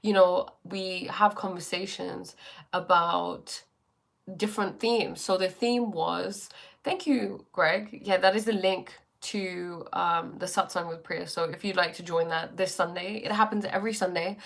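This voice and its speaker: A woman with a fairly low, gravelly and fairly bright voice hosts a life-coaching livestream. Unhurried and fairly even in intonation, she reads comments from viewers and chats reflectively, asking questions and leaning into spirituality.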